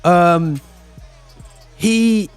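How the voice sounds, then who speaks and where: An excitable man hosts a laid-back football podcast, his voice sitting high. He piles up repeats and fillers as he makes his point. Faint music plays quietly underneath. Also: extremely slow, smooth. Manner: excitable, repeats "bro" often. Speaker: podcast host. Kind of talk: casual football chat.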